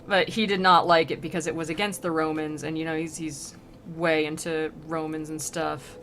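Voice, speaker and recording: A woman streamer rambles through a comedic retelling of a classic poem with sarcastic asides. She talks in an animated, offhand way. Faint noise runs underneath her voice. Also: low-pitched, moderate pace.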